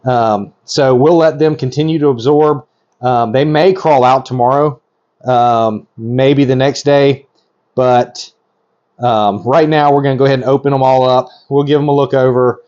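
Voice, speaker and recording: A middle-aged reptile breeder with a medium-pitched voice narrates a hands-on video at normal speed. He's excited and gushing, rambling with lots of ums. The recording is muffled.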